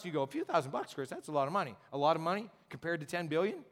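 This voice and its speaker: A man's voice: on the high side, sing-song, racing, few pauses, fairly bright tone. A man preaching a sermon as a pastor, talking conversationally with rhetorical questions and repeated words. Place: church sanctuary. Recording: long church reverb.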